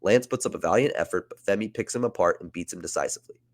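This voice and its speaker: A man's voice: low-pitched, quick pace, no room sound, clean studio sound. A man hosting a podcast, casually narrating wrestling storylines he booked. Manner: casual, chatty with fillers. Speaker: podcast host.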